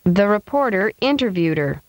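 A woman reading short example sentences slowly and with careful, exaggerated intonation. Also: mid-range voice, big pitch swings, no room sound. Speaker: model speaker for drills. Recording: dry studio voice-over.

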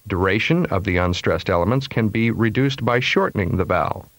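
Man, low-pitched voice, measured precise delivery, scripted lesson narration, dry studio sound. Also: a bit bright, no echo. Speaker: pronunciation instructor.

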